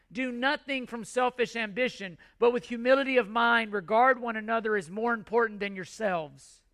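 High, bright-voiced preaching man. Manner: emphatic, repetitive preaching with measured pauses. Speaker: pastor. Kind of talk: sermon.

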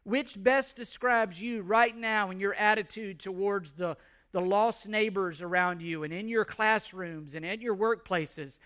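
High, bright-voiced man preaching earnestly. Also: measured pace. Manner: earnest, pleading, repeats words as he restarts. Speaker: pastor. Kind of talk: sermon.

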